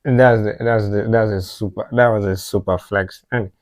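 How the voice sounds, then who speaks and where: A man's voice: lowish voice, fairly even intonation, normal speed, dry recording. A man from Africa hosting a reaction video, talking in an earnest, reflective way that often repeats phrases. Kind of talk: casual reaction commentary.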